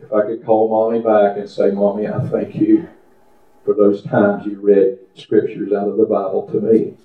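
With a fairly low voice, a man preaches an impassioned testimony sermon at a church service, rising as he prays aloud and sliding into homespun storytelling. The recording is echoey, suggesting a large room, and has a narrow, phone-like quality.

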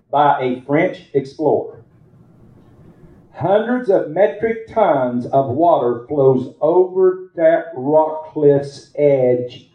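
Folksy preacher man, echoey church. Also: medium pitch. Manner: folksy storytelling, fervent preaching. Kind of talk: sermon. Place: church sanctuary. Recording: roomy, dull lo-fi church recording.

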